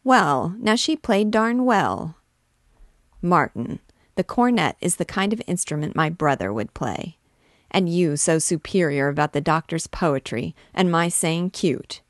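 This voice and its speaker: A woman's voice: on the low side, lively intonation, unhurried, dry recording, clean studio sound. Female reader as young wife, plain-spoken, scolding, audiobook. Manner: blunt, scolding.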